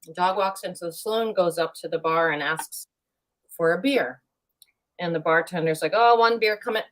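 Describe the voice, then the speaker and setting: A woman chatting as a guest on a live show, playful and lively as she tells a long joke. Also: fairly low pitch, normal speed. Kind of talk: casual chat, telling a joke.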